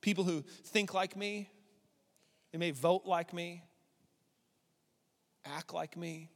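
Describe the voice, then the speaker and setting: Pastor, male, 30s, high voice, candid conversational sermon, reverberant hall. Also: slow. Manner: conversational, candid preaching with rising emphasis.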